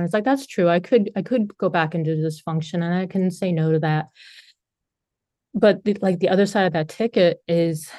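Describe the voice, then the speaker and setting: A woman's voice: on the low side, mellow, no echo. A middle-aged woman giving a frank, conversational share at a recovery meeting, swearing freely as she talks. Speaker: speaker sharing at a recovery meeting. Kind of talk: candid personal recovery share.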